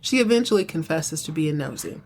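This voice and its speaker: A young woman with a slightly low voice talks through a soap episode in a loose, chatty podcast style. She is playful and quick to add her own asides. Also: animated, gravelly, a little mellow. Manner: chatty, playful, acts out characters' lines in higher voices. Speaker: podcast host recapping a TV soap. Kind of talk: casual solo recap, acting out quotes.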